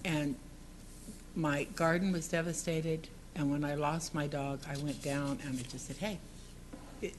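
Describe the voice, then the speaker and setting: A woman's voice: sits low, fairly even intonation, a little slow, slight background noise. A woman giving public comment at a city council meeting, earnest and partly reading from prepared text.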